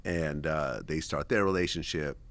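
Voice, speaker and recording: A man's voice: rumbling low, normal speed, fairly bright tone. A man hosting an interview, recapping events and asking probing follow-up questions. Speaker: interview host.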